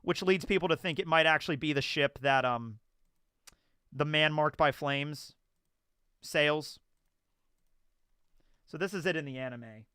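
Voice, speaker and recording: A man's voice: a little high, unhurried, long pauses, pushed and bright, clear, resonant tone, no room sound, clean studio sound. A man hosting a video, telling stories and giving commentary in a rambling, conversational way with lots of fillers. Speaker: YouTube host. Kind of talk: casual storytelling and commentary.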